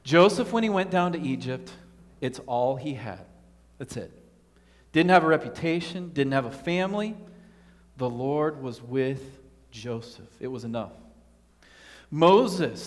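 A man's voice: a little high, big-room sound. A man preaching a sermon as pastor, earnest, putting rhetorical questions to his congregation.

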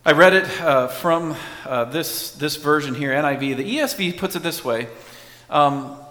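A man's voice: a little high, moderate pace, bright, forceful tone, in a large hall. A man preaching a sermon in a conversational way, asking his congregation questions as he goes. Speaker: pastor.

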